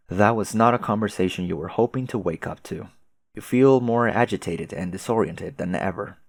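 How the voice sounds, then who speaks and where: Low-voiced man reading aloud, dry close sound. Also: dry recording. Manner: reads chat logs aloud in a deadpan voice, laughing between them. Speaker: reader of a webcomic. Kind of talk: casual read-aloud with reactions.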